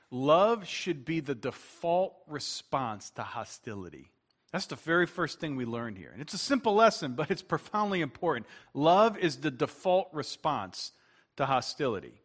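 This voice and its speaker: Male pastor, slightly high voice; earnest sermon delivery that slows and builds on key points. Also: a bit bright.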